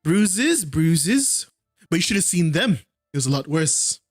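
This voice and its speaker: A man's voice: a little high, big pitch swings, a little slow, faint music behind. A man voicing a boastful dragonfolk father who brags about his fights. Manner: bragging, puffed-up.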